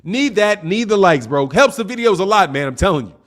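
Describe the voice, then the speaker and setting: A man's voice: high voice, animated, a little fast, fairly bright tone. A man hosting a boxing talk stream, reading viewer chats aloud in a loose, chatty way, repeating himself and laughing often. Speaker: boxing channel host. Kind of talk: casual livestream commentary reading viewer chats.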